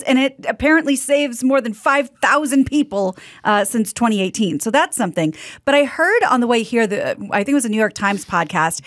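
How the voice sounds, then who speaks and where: A woman's voice: fairly high pitch, a bit bright, dry recording, clean studio sound. A woman co-hosting a podcast, sharing news items in a matter-of-fact, conversational way. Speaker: podcast co-host, news reader. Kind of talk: casual chat, reading news items.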